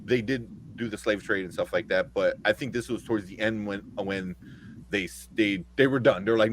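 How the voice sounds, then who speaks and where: A man co-hosting a casual movie review podcast, talking excitedly, swearing freely and retelling scenes. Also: fairly low pitch, moderate pace, a little hiss or hum. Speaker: podcast co-host.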